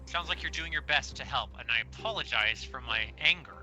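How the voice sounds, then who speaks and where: A man's voice: mid-range voice, expressive, fairly quick, sharp tone, soft background music, rough recording. A man playing a starship captain in a tabletop game, speaking earnestly and urgently in character. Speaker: player voicing a starship captain. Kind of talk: in-character role-play.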